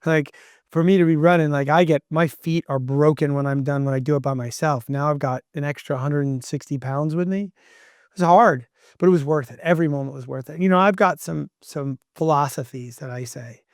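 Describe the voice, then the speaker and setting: Man, middle-aged, slightly high voice, emphatic, motivational, dry studio sound. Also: fairly even intonation, fairly quick, no room sound. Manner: earnest, emphatic motivational speaker. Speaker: podcast guest. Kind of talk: casual interview talk.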